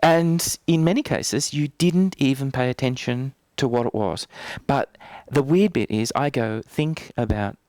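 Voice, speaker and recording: A man's voice: mid-range voice, a little slow, few pauses, darkish tone, dry recording. Guy running a workshop demo, joking around, dry voice. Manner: conversational, playful, teasing. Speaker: NLP trainer. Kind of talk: live workshop demonstration. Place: training room.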